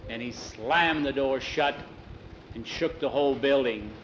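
A man telling a story in an unhurried, drawn-out way and acting out the characters' dialogue. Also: mid-range voice, fairly bright tone, lo-fi sound, a little hiss or hum. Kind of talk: told story with acted dialogue.

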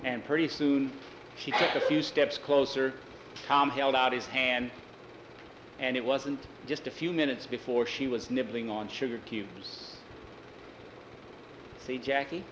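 An older man telling a children's ranch story in a homespun, unhurried way, with some fillers. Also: mid-range voice, fairly even intonation, reverberant, background noise.

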